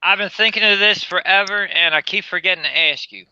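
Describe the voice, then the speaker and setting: A man with a Philly accent, cracking self-deprecating jokes in easy podcast chat. His voice is high, bright and smooth. The sound is dry and a little dull. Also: fast, no room sound. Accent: Philadelphia. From Philadelphia, USA. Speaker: podcast co-host. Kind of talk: casual chat.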